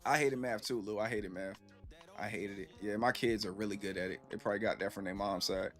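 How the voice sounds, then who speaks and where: A man's voice: lowish voice, steady tone, fairly quick, a bit bright, faint music behind. Laid-back man talking on a live stream. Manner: laid-back and reflective, heavy with "you know what I'm saying"; reads and answers chat. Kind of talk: casual live-stream chat. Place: at home.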